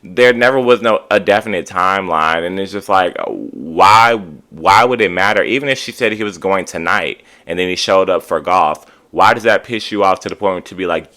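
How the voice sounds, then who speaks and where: A man's voice: low voice, bright, forceful tone. A man recapping a reality TV episode in casual commentary, chatty and sassy, full of "like" and "you know.".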